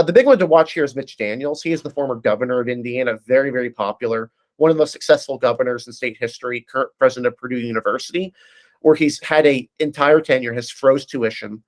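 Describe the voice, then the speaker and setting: A man speaking as a guest analyst in a casual political discussion, breaking down races quickly and often restarting his sentences. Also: medium pitch. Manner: fast, analytical, frequent restarts.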